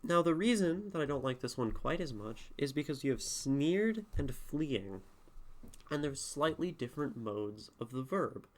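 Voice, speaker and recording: A young man streaming live, reading chatters' poems aloud and then taking them apart line by line. His voice sits at a middle pitch, and he talks in a loose, relaxed way, stopping to think out loud. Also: a little slow. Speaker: streamer critiquing poetry. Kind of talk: live-stream poetry critique.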